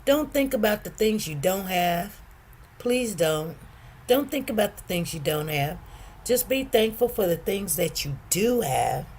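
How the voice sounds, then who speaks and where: A woman's voice: medium pitch, measured pace, a little hiss or hum. Woman, live stream host, casual chat, chatty, earnest, exclaims freely. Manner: chatty, animated, exclaims over food; soft-spoken, earnest storytelling. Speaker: live stream host reading viewer comments.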